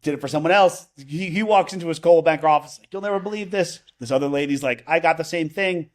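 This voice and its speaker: A man's voice: fairly high pitch, fast. Man telling a story in rambling conversation. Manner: rambling, with frequent restarts and asides like "right?". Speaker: podcast guest, investor.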